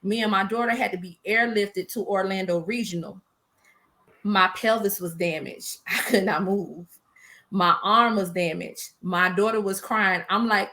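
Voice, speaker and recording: In a casual interview, a small business owner in her forties tells a personal story, animated and emotional, quoting herself and laughing between hard memories. She speaks at a medium pitch and normal speed.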